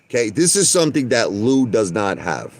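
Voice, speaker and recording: Very animated, a middle-aged man from Brooklyn, New York, vlogs from his car at a normal pace, telling wandering, bragging stories. His voice is lowish, and he repeats "listen to me" and "okay?" throughout.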